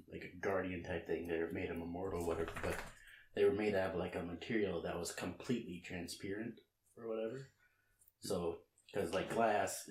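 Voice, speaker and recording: A man co-hosting a casual podcast chat, hesitant and searching for words, laughing often. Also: sits low. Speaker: podcast co-host. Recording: echoey room with faint noise.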